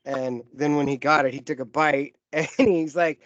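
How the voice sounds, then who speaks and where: A man with a fairly high voice chats casually as co-host, often breaking into laughter mid-story. His sound is dry and a little muffled, like a home mic over an internet call. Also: steady tone, normal speed, few pauses, no room sound. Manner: laughs often while telling stories. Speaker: podcast co-host. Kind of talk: casual chat.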